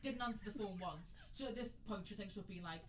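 A woman's voice: mid-range voice, fast, rough recording. A woman co-hosting a podcast, chatting casually and telling a story while acting out the quotes. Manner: chatty, animated, acts out quotes. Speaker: podcast co-host.

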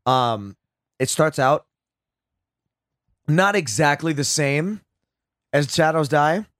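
A young man hosting a podcast, telling stories in casual chat with lots of swearing and animated outbursts. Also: on the high side, takes it slowly, dry recording, studio quality. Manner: swearing, animated anecdote-teller. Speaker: podcast host.

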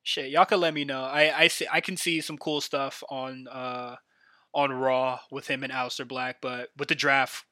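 A man hosts his own show alone, talking in a loose, filler-packed way. His voice has a bright, forward edge. The sound is close and dry, with no room around it. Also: medium pitch, level tone, moderate pace, no echo. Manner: rambling, filler-heavy, enthusiastic fan talk. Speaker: podcast host. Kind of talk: casual solo wrestling recap.

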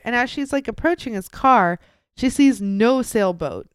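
A young woman co-hosting a podcast, telling a true-crime story in casual, animated chat, swearing freely and acting out the people in it. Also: fairly high pitch, normal speed, clear, resonant tone, no echo, clean studio sound. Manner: animated, profane, acts out quoted voices. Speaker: podcast co-host.

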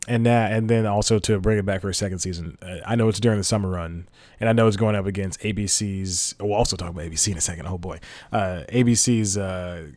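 A man's voice: on the low side, a little mellow, dry recording. A man hosting a casual solo podcast, rambling and laughing at his own jokes. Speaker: podcast host.

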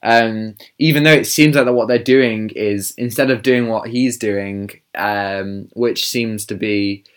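A man's voice: lowish voice, fairly even intonation, measured pace, clear, resonant tone. A man co-hosting a podcast in casual chat, explaining his views at length with some fillers. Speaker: podcast co-host.

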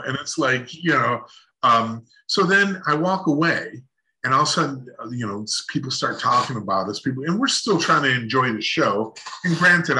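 A man's voice: medium pitch, pushed and bright, rough recording. A middle-aged man as a guest on a talk show, telling a long anecdote in a rambling way with restarts and laughs. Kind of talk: casual storytelling chat.

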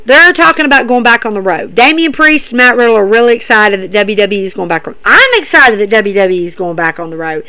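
A woman's voice: mid-range voice, animated, quick pace, hardly any pauses, bright, forceful tone, rough recording. A young woman enthusiastically retelling wrestling events in a casual, chatty recap.

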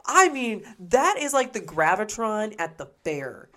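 A young woman co-hosting a podcast in casual chat, bantering with dark, playful jokes. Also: medium pitch, sing-song, measured pace. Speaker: podcast co-host.

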